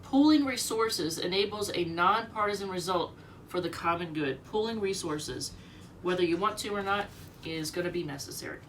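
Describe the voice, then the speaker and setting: A woman's voice: on the low side, a little fast, a bit bright, distant mic, a little hiss or hum. A sick, short-of-breath woman giving a rambling, chatty tarot reading at home, reading the card meanings aloud. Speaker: tarot reader.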